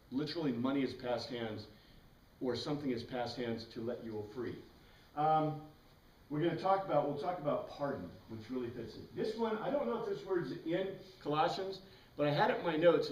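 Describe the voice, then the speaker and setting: Male Bible class teacher, fairly high voice, explanatory and keen, recorded from across an echoey classroom. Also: darkish tone. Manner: explanatory, spells out words letter by letter, enthusiastic asides. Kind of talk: classroom lecture. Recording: roomy echo, mic far away.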